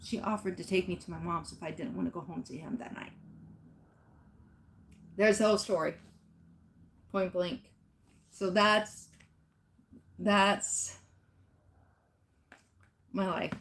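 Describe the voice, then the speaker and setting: A woman's voice: lowish voice, fairly even intonation, takes it slowly, long pauses, a little hiss or hum. A middle-aged woman, a fitness vlogger, telling a personal story in casual chat and speaking straight to her viewers with emphasis. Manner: emphatic, addresses viewers directly.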